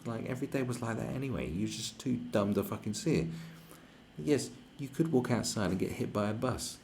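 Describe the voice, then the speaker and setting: A man's voice: medium pitch, lively intonation, a little fast, vocal fry, darkish tone, a little hiss or hum. A young man hosting a livestream, ranting in a rambling, crude, mock-outraged way and slipping into mocking voices. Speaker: livestream host. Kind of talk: profane comedic rant on a livestream.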